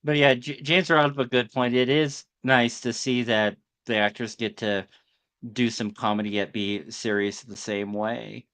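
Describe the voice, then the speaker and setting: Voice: medium pitch, fairly even intonation, a little slow, fairly bright tone, no echo. A podcast co-host chatting casually and agreeably. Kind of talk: casual chat.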